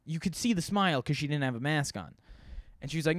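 A man's voice: fairly high pitch, expressive, fast talker, dry recording, clean studio sound. A man telling a story from his job in a casual, rambling, profane way, with many fillers and self-deprecating asides.

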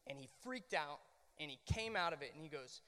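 A man on a discussion panel, telling a personal story in a casual, animated way with lots of fillers and restarts. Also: fairly high pitch, fairly quick, big-room sound. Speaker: panel guest.

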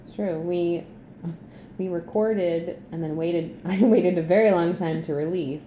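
A woman co-hosting a casual podcast, making dry teasing quips with quick laughs. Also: lowish voice, dark tone, a little hiss or hum. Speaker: podcast co-host. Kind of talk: casual chat. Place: apartment room. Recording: echoey room, faint ambience.

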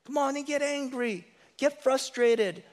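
A pastor voicing sin as a coaxing old master who whispers temptation in a low, hushed way. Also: male voice, a little slow, big-room sound.

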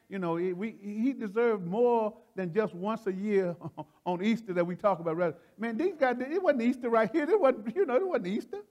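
A man preaching in a folksy, excitable way, often laughing and repeating phrases as he teaches. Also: high-pitched, dull audio. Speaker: preacher leading a Bible study. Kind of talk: animated sermon teaching.

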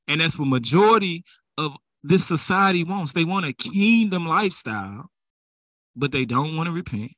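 Fervent male preacher, bright close voice. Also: on the high side, no echo. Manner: conversational, rising to fervent exhortation. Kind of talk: sermon.

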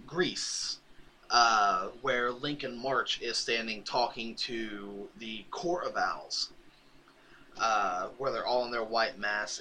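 Podcast co-host, man, lively storyteller, crisp bright tone, slight noise behind. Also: mid-range voice, rough recording. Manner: animated retelling, laughing, quoting characters. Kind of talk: casual comic recap chat.

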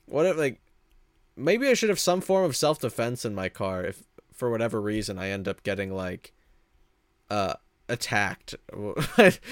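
Brief: young male storyteller, casual vlog, rambling with lots of "like", mid-pitched, dry close mic. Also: no room sound. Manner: rambling, full of "like" and restarts, laughing at himself. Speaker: vlogger telling a story.

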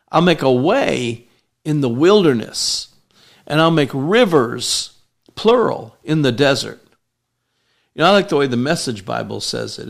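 A man preaching a sermon, rising loud and emphatic on key lines. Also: medium pitch, gravelly.

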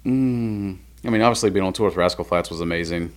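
A man guesting on a podcast as a DJ, telling stories in a relaxed, matter-of-fact way. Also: low voice, brisk, clear, resonant tone. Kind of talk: casual conversation.

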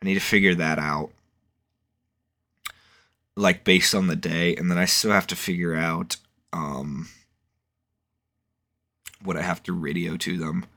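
A man's voice: sits low, steady tone, a little slow, vocal fry, pauses often, sharp tone. A young man in casual chat, rambling and swearing, with lots of fillers. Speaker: podcast co-host.

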